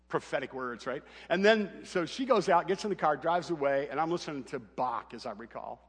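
Slightly rough and on the high side, a middle-aged pastor's voice moves a little fast, trailed by long reverb. In his sermon he animatedly tells a comic family story, acting out each character's lines.

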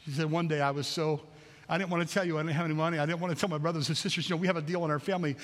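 A man's voice: a little high, fairly even intonation, rapid-fire, a bit bright, in a large hall. A middle-aged man, a pastor, preaching a conversational sermon that repeats phrases and acts out prayers. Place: church sanctuary.

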